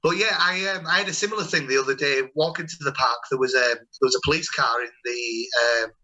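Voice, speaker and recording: Young male host, bright tense tone, rambling conversational storyteller. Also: mid-range voice, fast talker, muffled recording. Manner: chatty, rambling, warm storytelling with many restarts. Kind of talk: casual video-call chat.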